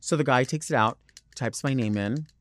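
A man's voice: mid-range voice, moderate pace, no room sound. A man hosting a podcast alone, chatting in a rambling, digressive way full of fillers. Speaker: podcast host. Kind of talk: casual solo monologue.

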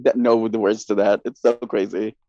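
A man co-hosting a casual talk show, expressive and quick to laugh while telling personal stories. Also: fairly low pitch, no room sound, dull audio. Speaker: podcast co-host. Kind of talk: casual chat.

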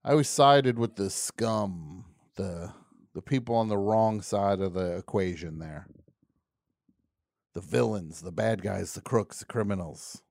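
A man's voice: on the low side, a little slow, gravelly, a little mellow, dry recording, studio quality. A man hosting a podcast in a casual, jokey, rambling way. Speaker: podcast host. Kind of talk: casual chat.

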